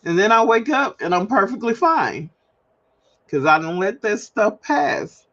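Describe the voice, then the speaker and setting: A woman's voice: medium pitch, big pitch swings, a little slow, fairly bright tone. A woman hosting a solo livestream, talking candidly and chattily to her viewers and laughing at herself, recorded at home. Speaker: livestream host. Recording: dull lo-fi livestream audio.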